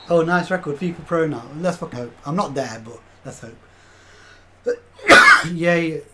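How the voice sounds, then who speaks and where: A man's voice: fairly high pitch, lively intonation, slow pace, pauses often, heavy background noise. A young man commentating his own football video game match live, swearing often and talking to his chat as "lads". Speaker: game streamer.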